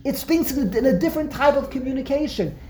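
A fairly high-voiced woman leads a religious text class, explaining with energy and often doubling back on her words. The room around her is echoey, with faint noise in the background. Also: quick pace. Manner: animated explaining, frequent word repeats, answers student interjections. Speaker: religious teacher. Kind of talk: text study class with students.

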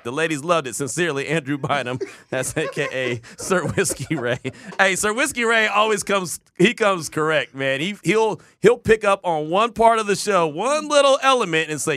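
Male radio host, bright and animated, lively pitch, dry close mic. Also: dry recording. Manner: animated storyteller, shouts quoted voices. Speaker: radio sports show host. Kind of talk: casual sports talk radio chat.

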